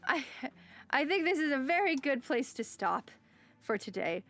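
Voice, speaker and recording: Female streamer with a high voice, chatty, sighs a lot, faint music behind. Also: very animated, normal speed, fairly bright tone. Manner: chatty, with frequent sighs and exclamations. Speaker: game streamer. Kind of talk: casual live-stream chat and reading game text aloud.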